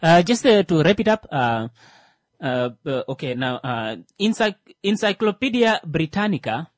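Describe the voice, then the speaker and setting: A male radio show host, talking casually and joking, with many "uh" fillers and pauses as he searches for words. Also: on the high side, sing-song, no echo. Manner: hesitant, heavy on "uh" fillers, joking asides. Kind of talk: casual radio talk with jokes.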